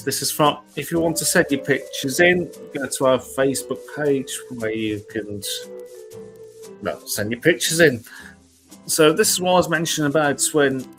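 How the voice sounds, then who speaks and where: Chatty British-sounding man hosting weather talk. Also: a little high. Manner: chatty, rambling, self-correcting. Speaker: weather show host. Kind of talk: casual live weather chat.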